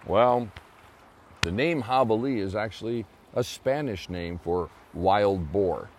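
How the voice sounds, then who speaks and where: A man's voice: fairly low pitch, slow pace. A man telling a children's story in a folksy way, stopping to explain words.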